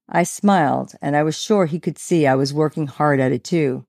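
A woman's voice: deep voice, moderate pace, vocal fry, few pauses, darkish tone, dry recording, studio quality. A woman narrating a first-person story in a wry, conversational way. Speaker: audiobook narrator.

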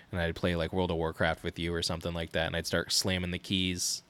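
A man in his thirties, co-hosting a parenting podcast in casual chat, telling animated stories with laughs. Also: deep voice, fairly quick, few pauses, smooth. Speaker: podcast co-host.

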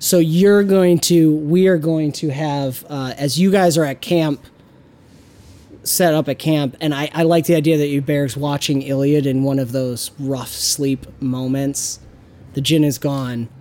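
Higher-voiced man running a tabletop game. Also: steady tone, warm tone. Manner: halting, many fillers and restarts while improvising. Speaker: game master and show host.

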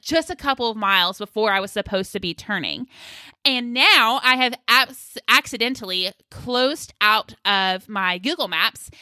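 A woman's voice: on the high side, sharp tone, no echo. A young woman speaking casually and earnestly, telling a personal story and encouraging listeners in their faith, with many filler likes. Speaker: Christian devotional speaker.

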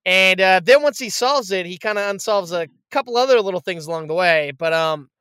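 A man in casual chat, retelling a movie with lively acted-out quotes and frequent swearing. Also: sits high, brisk, clear, resonant tone, no room sound. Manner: animated storyteller, acts out quotes, swears freely. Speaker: podcast co-host reviewing a movie.

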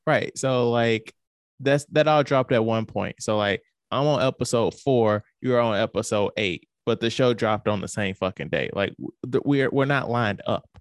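A man's voice: mid-range voice, dry recording. Dry-sounding man riffing on a podcast. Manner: argumentative, swearing, quick jokes. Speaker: podcast co-host. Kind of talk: casual chat.

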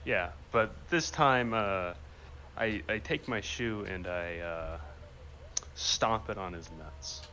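A man's voice: fairly low pitch, takes it slowly, pushed and bright, a little hiss or hum. A man playing a tabletop game, speaking bluntly and acting threatening in character. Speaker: player.

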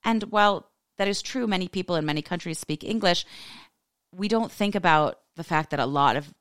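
A woman's voice: fairly low pitch, brisk, clean tone, no room sound, clean studio sound. Laughing woman in her forties telling stories. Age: 40s. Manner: animated, laughing storyteller. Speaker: podcast host. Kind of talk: casual storytelling monologue.

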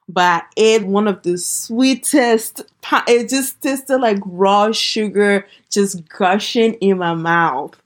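Young woman from Liberia, podcast host; low-pitched, relaxed, loose storytelling with lots of fillers. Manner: chatty, with many "like" fillers. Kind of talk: casual personal storytelling.

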